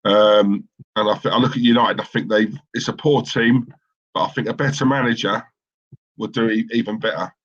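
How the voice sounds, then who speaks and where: A man's voice: fairly low pitch, fairly even intonation, normal speed, muffled recording. A man co-hosting a live football watchalong stream, chatting casually and reading out viewer comments in a rambling, opinionated way with lots of fillers and restarts.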